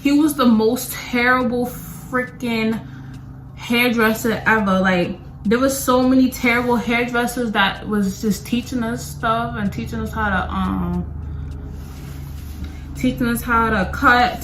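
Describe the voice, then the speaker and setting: A woman's voice: a little high, measured pace, a little hiss or hum. Rambling young woman in an echoey room. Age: young adult. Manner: rambling, animated ranting. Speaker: beauty vlogger. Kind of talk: storytime while doing makeup.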